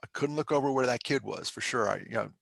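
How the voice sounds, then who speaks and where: A man's voice: mid-range voice, fast talker, creaky, a bit bright, no room sound. A middle-aged man from Pennsylvania, a podcast guest and mental health speaker, telling his story candidly in a conversational, emotional, self-deprecating way.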